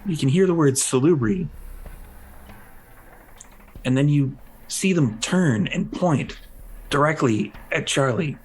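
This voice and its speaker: A man narrating a tabletop game as game master, in loose, halting description with many fillers. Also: a little high, darkish tone, slightly rough, poor audio.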